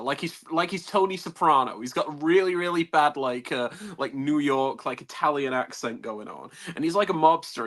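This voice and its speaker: A man in a casual film podcast chat, rambling and animated, restarting sentences and laughing often. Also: mid-range voice.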